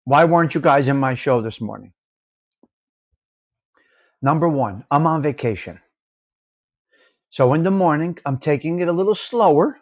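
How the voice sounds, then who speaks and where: A man's voice: high-pitched, dry recording, clean studio sound. A man hosting a casual live chat, greeting viewers by name and teasing them about their comments. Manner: animated, teasing, reads out viewer names and comments. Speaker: livestream host.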